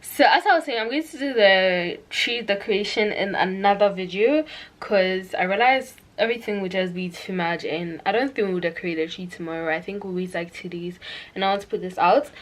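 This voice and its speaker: A woman's voice: mid-range voice, lively intonation, moderate pace. A young woman chatting to her camera at home in a casual vlog, giggly and self-mocking. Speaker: vlogger. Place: at home indoors.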